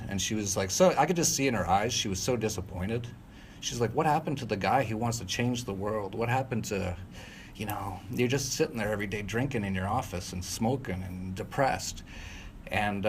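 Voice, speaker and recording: A man's voice: medium pitch, slight background noise. Rambling man telling a personal story. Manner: rambling, frequent fillers and self-corrections, laughs mid-sentence. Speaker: interview guest. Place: at home.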